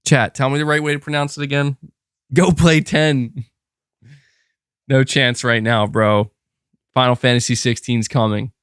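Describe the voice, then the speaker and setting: A man's voice: mid-range voice, little pitch movement, a little fast, a bit bright, clean tone, no echo, studio quality. A man streaming and chatting with his viewers in a casual, rambling way, with many fillers and restarts. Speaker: streamer reading chat. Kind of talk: casual livestream chat.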